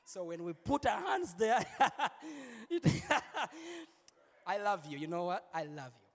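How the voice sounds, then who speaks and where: A male pastor with a very high voice preaches slowly and playfully, joking with his congregation. His voice carries a long reverb from a large church hall. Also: sing-song. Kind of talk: sermon.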